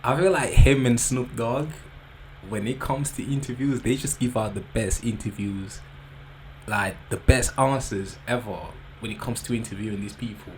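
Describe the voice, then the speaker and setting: A man's voice: mid-range voice, moderate pace, rough recording. A man, hosting a reaction video in a loose, joking commentary with slang. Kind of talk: casual commentary. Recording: background noise.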